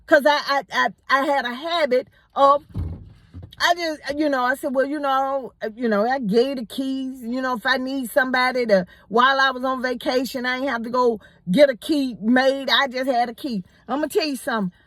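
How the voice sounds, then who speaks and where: A woman telling a personal story in a casual, animated way, often repeating words as she goes. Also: sits high, normal speed, no echo. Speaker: storyteller host.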